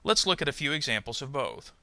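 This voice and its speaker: A man narrating a pronunciation lesson, speaking carefully and modelling example words slowly. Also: mid-range voice, lively intonation, pushed and bright, no room sound. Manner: slow, careful, modelling word stress. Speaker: ESL pronunciation teacher. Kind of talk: scripted instructional narration.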